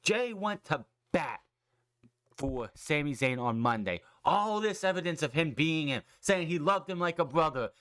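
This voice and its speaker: A man on a podcast excitedly recapping a wrestling show in a rambling, casual way, swearing freely and acting out what the wrestlers said. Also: fairly high pitch, measured pace, smooth. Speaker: podcast host.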